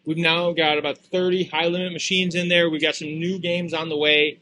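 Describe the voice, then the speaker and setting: A man's voice: on the high side, flat delivery, fairly quick, pushed and bright, a little hiss or hum. A man co-hosting a sports talk show, speaking casually with hesitant fillers. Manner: hesitant, many fillers and restarts. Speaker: co-host and casino representative. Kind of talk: casual chat.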